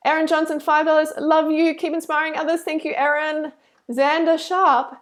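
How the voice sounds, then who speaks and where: A woman's voice: high-pitched, little pitch movement, moderate pace. A woman hosting a live stream, chatty and effusive when thanking donors, and earnest and preachy when she campaigns. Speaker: live stream host reading super chats.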